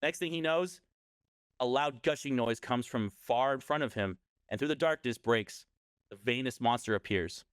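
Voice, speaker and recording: A man's voice: mid-range voice, normal speed, a bit bright, clean tone, dry recording, clean studio sound. A man casually telling a scary story on a podcast, rambling and often correcting himself.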